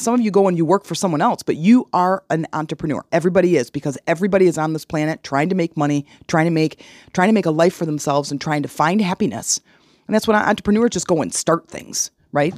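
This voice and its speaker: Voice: medium pitch, no echo, clean studio sound. A podcast host talking solo, casual and frank, telling stories with analogies. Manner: animated storytelling with analogies.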